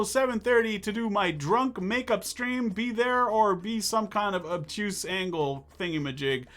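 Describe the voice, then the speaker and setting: A man hosting a live-stream talk show, chatting casually in a rambling, excitable, jokey way. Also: high voice, normal speed, hardly any pauses.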